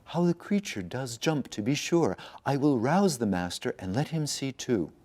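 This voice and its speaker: A man voicing a bold, excitable young novice monk in a storybook reading. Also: mid-range voice, normal speed, voice pushed up. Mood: amused. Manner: eager, excited.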